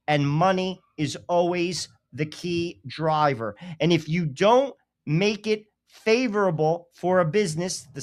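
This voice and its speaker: High-voiced man explaining calmly. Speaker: co-host. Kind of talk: casual political talk.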